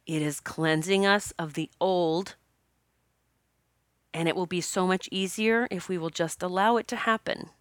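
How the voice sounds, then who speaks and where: A woman's voice: lowish voice, fairly even intonation, measured pace, no echo, clean studio sound. A woman talking to camera in a casual, confessional way, rambling and laughing as she goes. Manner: chatty, laughs often, rambling restarts. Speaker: spiritual vlogger.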